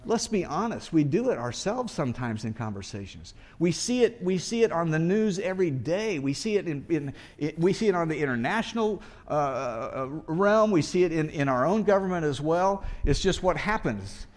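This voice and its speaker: A man's voice: on the high side, animated, normal speed, few pauses, darkish tone. A man preaching a sermon in a conversational way, asking rhetorical questions and often restarting as he thinks aloud. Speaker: pastor.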